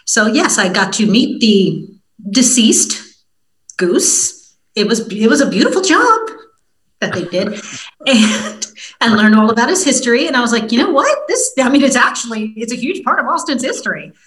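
A woman, a news reporter, tells stories as a podcast guest. She sounds lively and pokes fun at herself. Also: fairly high pitch, normal speed, rough recording. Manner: lively, self-deprecating storyteller. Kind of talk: casual podcast interview.

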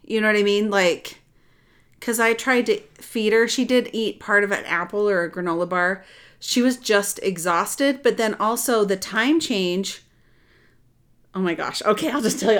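A middle-aged woman telling a personal story in casual chat, animated and rambling, with restarts. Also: medium pitch. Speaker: adoptive mother telling her story.

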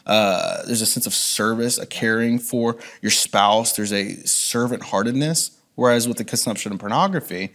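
A man reflectively sharing a personal testimony as an interview guest, with frequent restarts. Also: fairly low pitch. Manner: earnest, reflective, many restarts.

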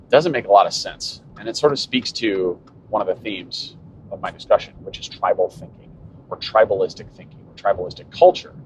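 Fifties male podcast host, low voice, wry and sarcastic, recorded in a moving car, dull sound with faint road hum. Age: 50s. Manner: wry, sarcastic, thinking aloud. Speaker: cycling podcast host and coach. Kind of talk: solo podcast monologue.

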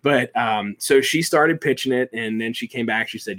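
An animated man telling stories as a toy collector on an interview show. He jokes at his own expense and rambles loosely from one thought to the next. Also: medium pitch, moderate pace, few pauses. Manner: animated, self-deprecating, rambling with restarts. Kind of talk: casual interview storytelling.

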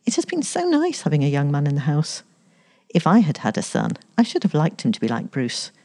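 Brief: female reader as a calm, gentle mother, low and mellow, soft spoken. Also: a little fast, full character voice. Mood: placid. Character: placid older mother, gently amused.

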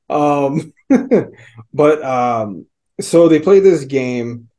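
A man's voice: on the high side, lively intonation, very slow, dark tone. A man co-hosting a podcast, chatting casually about a movie, loose and profane with lots of fillers. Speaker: podcast co-host.

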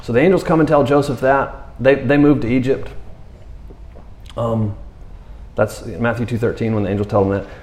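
A man's voice: medium pitch, steady tone, normal speed, long pauses, darkish tone. Guy preaching at church, chatty and playful, middle voice, roomy echo. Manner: casual, conversational preaching with playful acted-out quotes. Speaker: pastor. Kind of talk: sermon.

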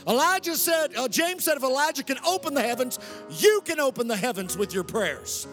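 A middle-aged male pastor preaching a lively, humorous sermon and calling out to the congregation for amens. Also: very high-pitched, a little fast, faint music behind. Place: church sanctuary. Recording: long reverb in a large hall.

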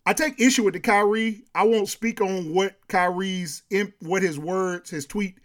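A man co-hosting a casual sports and culture chat, animated and laughing often, repeating himself as he builds a point. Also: sits high, unhurried. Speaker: podcast co-host.

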